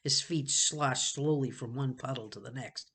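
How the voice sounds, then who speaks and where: A woman reading a novel aloud to students, pausing to savor phrases and chat about them. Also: very deep voice, breathy edge. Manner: expressive, stops to savor phrases. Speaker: reader for students.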